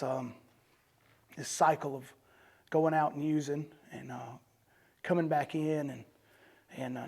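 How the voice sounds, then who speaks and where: A man's voice: on the high side, darkish tone. A man telling his recovery testimony to a meeting room audience in a loose, conversational way. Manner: conversational, peppered with "you know" and "man". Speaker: recovery speaker.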